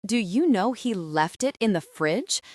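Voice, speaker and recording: A woman's voice: mid-range voice, expressive, a little slow, no echo, pitched above the performer's own voice, natural voice. A woman voicing a bubbly, dramatic Southern sister-in-law with a Georgia twang. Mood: aggrieved. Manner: twangy, trilling, indignant.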